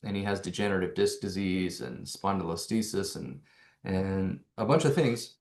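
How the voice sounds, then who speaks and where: Low-voiced man explaining with energy. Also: normal speed, echoey room. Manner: rhetorical, asks himself questions, energetic. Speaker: neuro coach presenting to hosts. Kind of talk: animated explanatory talk.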